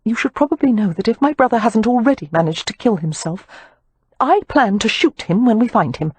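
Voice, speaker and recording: A woman narrator plays a determined young lady in an audiobook, blunt and dryly wry. Her voice is slightly husky and pitched a little higher than the narration. It is recorded close and dry. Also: expressive, brisk, darkish tone, no echo.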